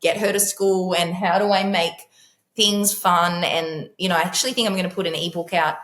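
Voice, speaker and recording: A middle-aged woman, talking candidly as a podcast guest and acting out quotes in lively voices. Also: lowish voice, moderate pace. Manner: animated, acts out quotes in bright character voices. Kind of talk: candid conversational storytelling. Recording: echoey room.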